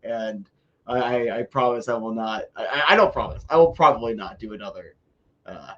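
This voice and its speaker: A man's voice: medium pitch, moderate pace, a bit bright, dull audio. A man co-hosting a casual sports podcast, joking and rambling and often repeating words as he talks. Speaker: podcast co-host.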